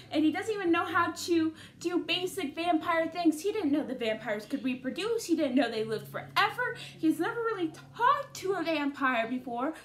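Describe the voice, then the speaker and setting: A woman's voice: very high-pitched, a bit bright, a little hiss or hum. A woman giving a casual, rambling book review to camera, full of fillers and self-interruptions.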